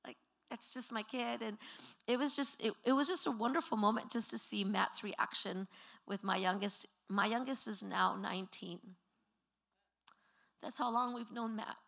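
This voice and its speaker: A woman's voice: fairly high pitch, moderate pace, vocal fry, a bit bright. A middle-aged woman, a former pastor, telling stories at a memorial in a church and acting out the voices of the people in them. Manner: storytelling, acts out children's voices. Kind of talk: memorial tribute.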